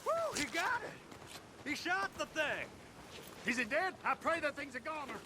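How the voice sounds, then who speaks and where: An actor playing a panicky frontier ranch hand, excited and yelling. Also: male voice, very high voice, measured pace, noisy background. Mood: relieved. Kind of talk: video game cutscene acting.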